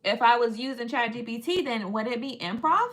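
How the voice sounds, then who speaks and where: A woman hosting a casual livestream, talking in an animated, sassy, teasing way. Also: a little high, a little fast. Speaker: livestream host.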